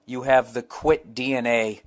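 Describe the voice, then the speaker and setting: A man's voice: medium pitch, fairly even intonation, a little slow. A middle-aged man hosting a podcast, reading fan letters and riffing bluntly with profane asides. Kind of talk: casual podcast monologue.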